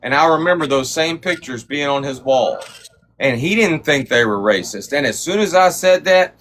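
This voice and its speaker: A man's voice: on the high side, expressive, normal speed, a bit bright. A man hosting a livestream, telling a heated story in a profane, swaggering way. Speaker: livestream host. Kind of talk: heated casual livestream rant.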